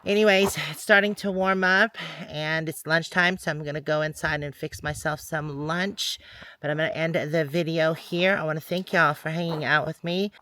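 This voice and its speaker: A man casually narrating his garden work outdoors, thinking aloud as he goes. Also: fairly high pitch. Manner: relaxed, thinking aloud as he works. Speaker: garden vlogger.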